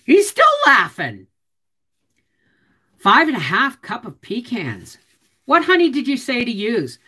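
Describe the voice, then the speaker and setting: A woman's voice: mid-range voice, a bit bright. A woman hosting a live stream from home, chatting with viewers in a chatty, teasing way and answering their comments. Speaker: homestead channel host.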